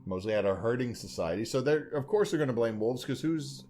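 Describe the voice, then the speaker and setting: A man from Louisiana co-hosts a podcast, his mid-range voice expressive, slightly mellow and a little fast. In casual chat he rambles and jokes, putting on silly voices as he goes.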